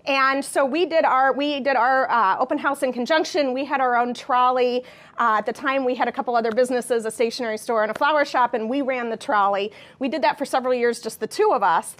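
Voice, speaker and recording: A woman speaks as a guest on a local TV interview. Her voice sits a bit high, and she talks friendly and casual. She fills pauses with "um" and "uh.". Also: a bit bright. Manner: friendly, fillers and quick asides. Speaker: shop co-owner, guest.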